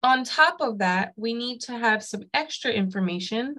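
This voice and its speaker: A woman's voice: a little high, animated, normal speed, sharp tone, rough recording. A woman lecturing a college math class, explaining step by step and checking in with "okay?" after each point. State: has the hiccups. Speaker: math instructor.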